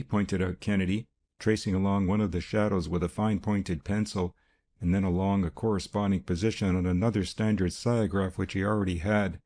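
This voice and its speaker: A man narrating a detective audiobook in a steady, even reading style. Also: low-pitched, brisk. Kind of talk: scripted narration.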